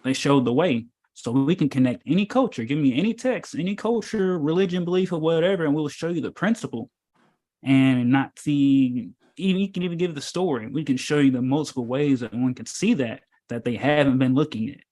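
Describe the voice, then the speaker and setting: A man's voice: fairly high pitch, brisk, a little mellow. A man giving a casual, preachy talk as a spiritual teacher at an informal meetup, rambling and emphatic, with many fillers and rhetorical questions.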